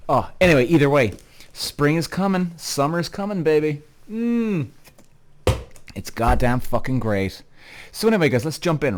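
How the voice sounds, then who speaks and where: Lively, rambling Irish podcast host. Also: male voice, mid-range voice. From Ireland. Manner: rambling, self-deprecating, swears freely. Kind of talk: casual solo podcast monologue.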